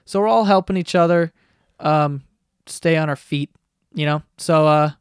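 Young man, twenties, podcast host, rambling, profane, self-deprecating, smooth voice, dry close mic. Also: a little high, a little slow, no echo. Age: 20s. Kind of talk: casual solo podcast chat. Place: basement bedroom at home. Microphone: podcast microphone.

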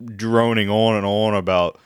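A man's voice: on the low side, fairly even intonation, unhurried, smooth, dry recording, studio quality. A man co-hosting a casual podcast who swears often, laughs a lot and makes sarcastic remarks. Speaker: podcast co-host. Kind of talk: casual conversational podcast chat.

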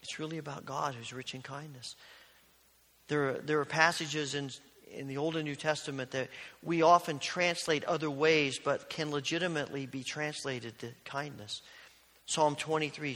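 Bright-voiced male pastor in a reverberant hall. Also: fairly high pitch, steady tone, moderate pace. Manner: earnest storytelling, drops to a hush at key lines. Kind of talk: sermon. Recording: long reverb of a large hall.

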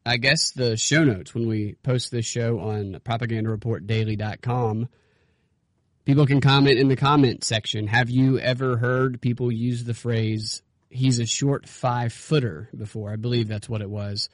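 Male podcast co-host, argumentative, mid-pitched voice, dry close mic. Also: fairly even intonation, moderate pace, no room sound. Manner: argumentative, rhetorical questions. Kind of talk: casual political podcast chat.

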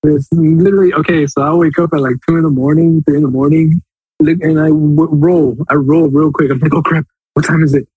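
A man's voice: a little high, fairly even intonation, a little fast, breathy edge, dry recording, narrow, tinny audio. A man co-hosting a casual soccer podcast, talking in a loose, rambling way and laughing easily. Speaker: podcast co-host.

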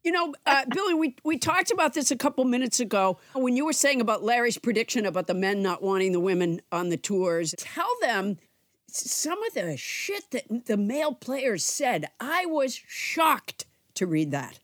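A woman's voice: on the high side, very animated, no room sound, clean studio sound. A woman in her sixties, a co-host, who jokes and laughs easily in casual chat. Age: 60s. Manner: joking, quick to laugh.

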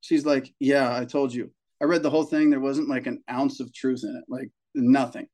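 A young adult man, a high school baseball coach, casually telling a story on a podcast, swearing and acting out the people in it. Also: normal speed. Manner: animated storyteller, swears, acts out quoted people.

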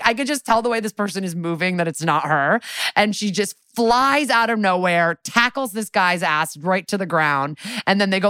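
Woman podcast co-host, low voice, dry close sound, casual sarcastic recap. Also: fairly bright tone, no echo. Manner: chatty and sarcastic, lots of "like", swears.

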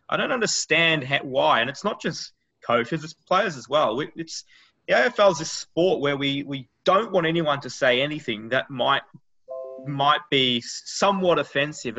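A man's voice: fairly high pitch, sharp tone. An Australian man co-hosting a podcast, talking emphatically and with strong opinions. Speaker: podcast co-host. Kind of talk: casual panel chat. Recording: muffled lo-fi audio.

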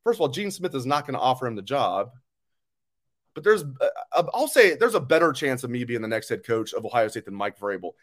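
A man's voice: medium pitch, very animated, brisk. Mad guy hosting a sports stream, blunt ranting, swears a lot, reads comments off a desk mic. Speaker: sports show host. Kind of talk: live call-in sports talk.

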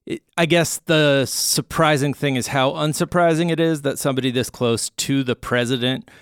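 A man in his thirties co-hosting a casual news podcast, laying out each topic at an easy pace with plenty of "uh" pauses. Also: mid-range voice, clear, resonant tone, dry recording, clean studio sound. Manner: relaxed, lays out topics with frequent "uh" pauses. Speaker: podcast co-host.

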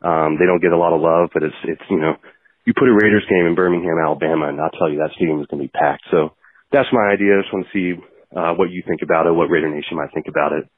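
A man's voice: low-pitched, fairly even intonation, quick pace, husky, no echo. A man calling in to a podcast, leaving a rambling, friendly phone message. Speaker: caller. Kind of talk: voicemail call-in message. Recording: tinny phone line.

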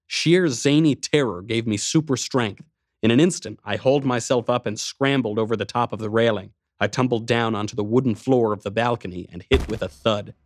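A man's voice: fairly low pitch, dry recording, studio quality. A man narrating a first-person adventure story in a tense, driving way.

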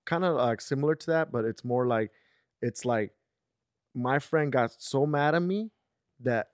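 A man's voice: mid-range voice, unhurried, smooth, dry recording, clean studio sound. A man hosting a casual chat, telling stories and acting out the quotes with rising heat. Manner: animated storyteller, acts out quotes with rising intensity. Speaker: podcast host.

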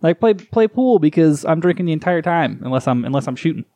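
Male podcast cohost, bouncy pitch, rowdy and profane. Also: animated, brisk, no echo. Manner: loud, swearing, laughing often. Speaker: podcast co-host. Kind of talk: casual chat.

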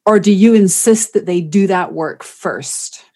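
A woman's voice: fairly low pitch, a little slow, darkish tone. A woman hosting a podcast, asking curious, probing questions of her guest. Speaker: podcast host. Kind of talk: podcast interview.

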